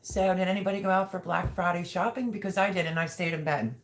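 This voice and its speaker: A woman's voice: fairly low pitch, fairly even intonation, fast talker. Gushing woman chatting on a livestream. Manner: gushing, chatty, reads out viewer comments. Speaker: livestream host. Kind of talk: casual livestream chat.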